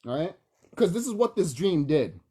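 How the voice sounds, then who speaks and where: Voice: medium pitch, sing-song, normal speed, dark tone, husky. A young adult video blogger ranting heatedly to the camera, swearing a lot and mocking the people they address. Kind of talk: profane angry rant to camera.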